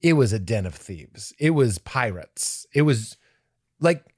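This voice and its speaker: A middle-aged male comedian telling an animated story in a podcast conversation, jumping into high-pitched impressions. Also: unhurried, husky. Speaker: comedian guest.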